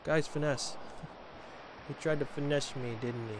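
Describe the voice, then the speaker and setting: With a higher-pitched voice, fairly even intonation, and a slightly slow pace, a gaming creator jokes his way through a football video game. He chats to his audience and to the players on screen, with background noise audible.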